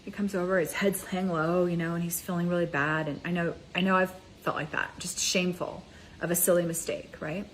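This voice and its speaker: A woman life coach giving an energetic, conversational motivational talk, speaking straight to her viewers. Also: lowish voice, fairly quick, slight background noise, poor audio. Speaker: mind ascension coach.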